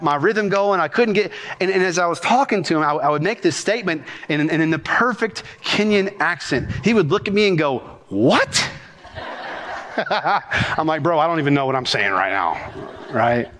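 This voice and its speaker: A senior pastor preaches to his congregation, his delivery rhythmic and animated as he presses each point. His voice sits on the higher side for a man. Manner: rhythmic, animated preaching with talk of speaking fast. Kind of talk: sermon.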